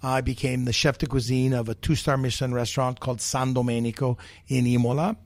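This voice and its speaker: Brief: middle-aged male chef, lively raconteur, close dry podcast mic. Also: mid-range voice, fast talker, dry recording. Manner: animated storyteller, many fillers, quotes others. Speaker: guest chef. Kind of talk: storytelling interview chat.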